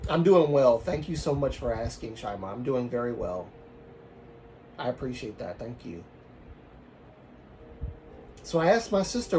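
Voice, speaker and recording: A man's voice: medium pitch, very animated, unhurried, long pauses, slight background noise. A man with a Southern US accent telling a story on a livestream in a rambling, casual way, often restarting and trailing off. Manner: rambling, frequent self-restarts, trailing off softly.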